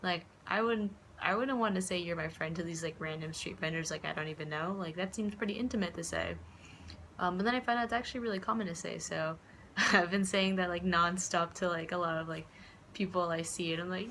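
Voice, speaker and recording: A woman's voice: lowish voice, fairly quick, a bit bright, a little hiss or hum. A young woman from the United States rambling casually in a vlog, full of fillers and restarts, acting out the voices of people she quotes. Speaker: vlogger.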